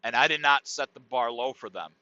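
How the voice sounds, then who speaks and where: Here a middle-aged podcast host runs through a casual, rambling, profane bit of comedy at a brisk pace. His voice is mid-range with a sharp tone. The recording has no echo and a dull, dry, lo-fi quality.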